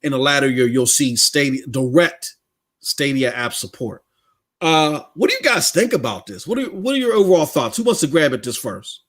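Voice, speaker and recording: A man hosting a casual gaming podcast, talking in an excited, slangy way and reading news articles aloud with asides. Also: a little high, moderate pace. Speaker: podcast host.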